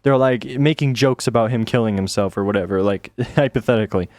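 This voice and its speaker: A man's voice: on the low side, fairly quick, a little mellow, dry recording, clean studio sound. A man giving a ranting, sarcastic reaction commentary with mild swears. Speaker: commentary YouTuber.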